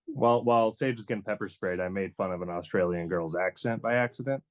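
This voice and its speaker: A man with a low voice talking as a band guest on a podcast. He rambles through his points, leaning on "you know", and slips into self-mocking jokes. The delivery is relaxed and conversational. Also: quick pace. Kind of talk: casual podcast chat.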